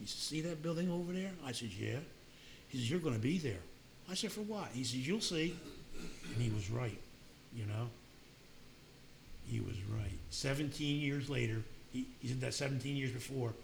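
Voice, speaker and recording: Gravelly older man telling his story. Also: mid-range voice, slight background noise. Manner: plainspoken, acts out quoted voices. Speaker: speaker sharing his recovery story. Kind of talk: personal storytelling at a meeting.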